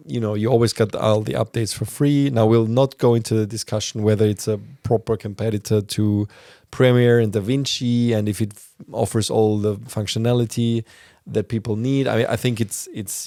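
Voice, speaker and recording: Male podcast host, low and mellow, bone-dry sound, loose rambling delivery. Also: no room sound. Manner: rambling, filler-heavy explaining. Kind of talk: casual podcast chat.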